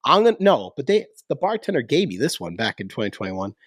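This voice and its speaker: A man hosting a podcast in casual, energetic chat, joking and hyping up his co-host. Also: medium pitch, fast talker, dry recording, studio quality. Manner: energetic, hype, jokey.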